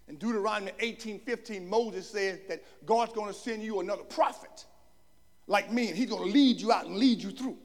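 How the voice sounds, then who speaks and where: A man preaching a sermon with emphatic delivery, often breaking into shouts. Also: high voice, brisk. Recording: long hall reverb.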